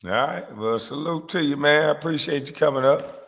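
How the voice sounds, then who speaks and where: A man hosting a casual podcast chat, laid-back and low-key, sounding a little drowsy. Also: brisk, creaky, fairly bright tone. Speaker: podcast host. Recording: echoey room with long reverb.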